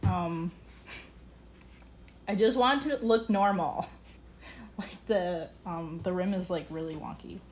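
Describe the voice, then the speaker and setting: A woman's voice: lowish voice, noisy background. A young woman streaming live from her ceramics studio, chatting casually with many fillers and self-corrections while she works. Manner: distracted while working with clay. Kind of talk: casual working commentary.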